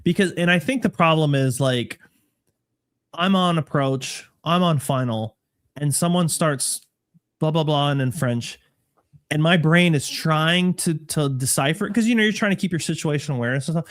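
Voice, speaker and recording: A male pilot co-hosting a casual chat, talking in excited, rambling bursts. His voice sits a little high for a man. He stacks restarts as his complaints build. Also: moderate pace. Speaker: co-host, airline pilot.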